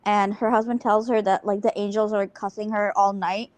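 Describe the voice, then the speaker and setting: A woman's voice: mid-range voice, little pitch movement, moderate pace, darkish tone, no room sound. A woman calling in to a live stream, speaking hesitantly with restarts and fillers. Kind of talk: casual chat.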